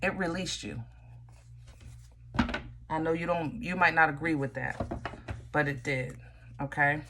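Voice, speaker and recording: Low-voiced chatty woman reading tarot. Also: fairly even intonation, moderate pace, background noise. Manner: chatty, talks straight to viewers, stops and restarts. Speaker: tarot reader.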